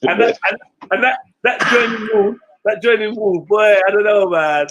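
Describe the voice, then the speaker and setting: A man, telling a story in casual chat, animated and slangy, swearing freely and acting out what others said. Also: sits high, moderate pace, lo-fi sound, noisy background. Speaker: stream panelist.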